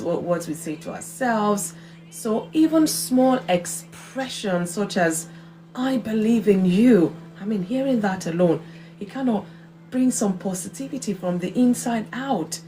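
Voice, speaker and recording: A woman's voice: mid-range voice, dark tone, slight background noise. A woman hosting a faith livestream, giving an earnest, emphatic devotional talk and repeating key phrases for weight. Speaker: host of a faith encouragement livestream.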